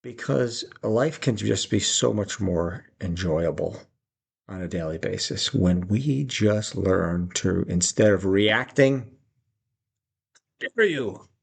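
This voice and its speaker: A man's voice: fairly low pitch, slow, vocal fry, husky. A middle-aged man giving life advice in a reflective, storytelling way, laughing often and acting out quotes. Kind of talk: reflective personal talk.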